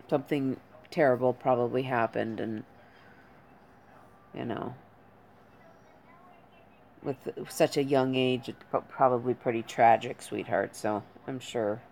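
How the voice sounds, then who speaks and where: A woman with a notably low voice hosts a casual live stream. She greets chat viewers by name in an unhurried, conversational way. Her tone stays gentle and consoling. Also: slight background noise.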